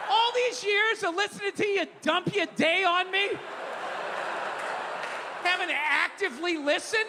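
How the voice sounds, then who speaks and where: A middle-aged man in his fifties doing a stand-up comedy set, ranting profanely and animatedly with sudden shouts. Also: extremely high pitch, moderate pace, background noise. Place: comedy club stage. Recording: roomy live theater sound. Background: audience laughter.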